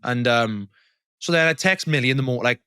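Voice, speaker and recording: A young man from Wales co-hosting a podcast, recounting stories in a teasing, halting way. His voice has a bright, forward edge, and the recording is dry and close-miked. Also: mid-range voice, clean tone, dry recording. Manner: storytelling, teasing, halting restarts. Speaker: podcast co-host. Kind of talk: casual chat.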